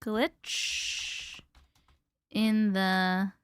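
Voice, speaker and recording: A young woman hosting a casual livestream from home, chatting with viewers in a scattered, playful way with quick laughs and silly repeated noises. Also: medium pitch, little pitch movement, clean tone, no echo. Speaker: livestream host reading viewer stories. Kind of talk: casual live chat with viewers. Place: home room.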